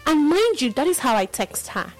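A woman's voice: high-pitched, moderate pace, faint music behind, rough recording. A Nigerian woman co-hosting a radio show, playful and dramatic as she tells stories. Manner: animated, playful, dramatic storytelling. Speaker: radio co-host. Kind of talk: casual radio chat.

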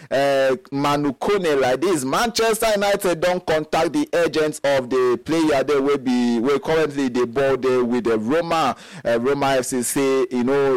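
A man with a Nigerian accent hosts a sports radio show from a studio mic. His delivery is chatty and sing-song, broken by frequent fillers. His pitch sits mid-range, and the sound is dry and close with faint music underneath. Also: dry recording, low-quality recording.

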